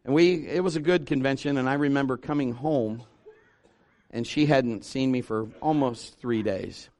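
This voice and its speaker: A male pastor in his fifties preaching to his church, swinging from loud exhortation to quiet, intimate asides with humor. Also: medium pitch, moderate pace, dry recording. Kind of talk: sermon. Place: church sanctuary.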